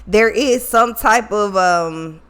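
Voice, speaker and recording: A woman's voice: medium pitch, takes it slowly, a bit bright, clear, resonant tone. A woman giving a casual tarot reading, blunt and swearing freely, repeating points for emphasis, with features. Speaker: tarot reader.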